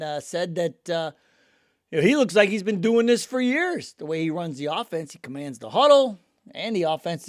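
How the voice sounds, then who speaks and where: A man's voice: sits high, no echo, clean studio sound. A middle-aged man hosting a sports show, a little sick, talking in a jokey, rambling way and laughing at himself. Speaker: sports podcast host. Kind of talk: casual sports chat.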